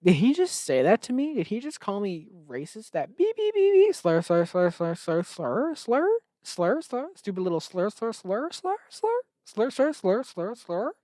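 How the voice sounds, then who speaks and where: A squeaky, outraged male contestant, put on by a man, rants in a voice pitched far above his normal talk. The sound is dry and close. He is indignant and shrill the whole way through. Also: sing-song, a little slow, warm tone, no echo. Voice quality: squeaky, ranting.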